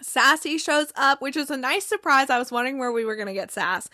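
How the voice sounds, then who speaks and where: Brief: young woman, recap host, bright and lively, slightly high, dry close sound. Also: fairly quick, no echo. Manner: chatty, acts out characters' lines, frequent fillers and laughs. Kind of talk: casual episode recap.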